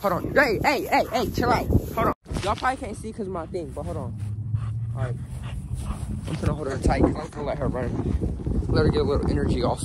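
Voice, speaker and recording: A young man vlogging on his phone while walking his dog in a park, chatting excitedly to viewers in slangy casual talk. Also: fairly high pitch, fairly quick. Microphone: phone held in hand. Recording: outdoor phone audio with background noise.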